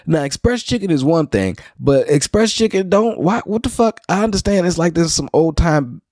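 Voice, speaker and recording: A man's voice: on the high side, expressive, normal speed, darkish tone, dry recording, studio quality. A man from New Orleans hosting a podcast, rambling through a casual solo monologue with wry, profane asides. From New Orleans, Louisiana. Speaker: podcast host.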